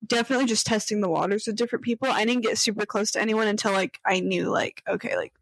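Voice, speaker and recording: A woman's voice: medium pitch, fast, no echo, rough recording. A young woman hosting a casual chat, talking with lots of fillers and acting out quoted voices. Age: young adult. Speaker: podcast host.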